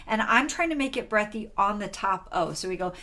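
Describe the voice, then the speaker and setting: A woman's voice: mid-range voice, fairly quick. Chatty woman teaching singing, casual. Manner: relaxed, chatty, with many "um" and "like". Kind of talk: casual vocal lesson with sung demonstrations.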